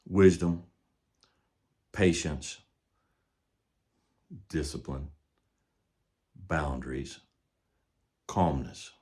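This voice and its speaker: An older man and horse trainer talking casually in a folksy, storytelling way, often sinking to a low murmur. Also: darkish tone. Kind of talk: casual teaching talk.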